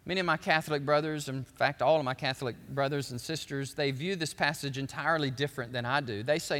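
A male pastor preaching a sermon in a church, animated and conversational, with frequent asides to the congregation. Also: fairly high pitch, fast talker, hardly any pauses. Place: church sanctuary. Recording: church hall reverb.

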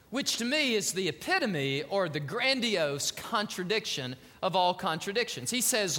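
A man's voice: high voice, very animated, unhurried, hardly any pauses, pushed and bright, big-room sound. A man preaching a sermon as pastor, with a fervent and urgent delivery.

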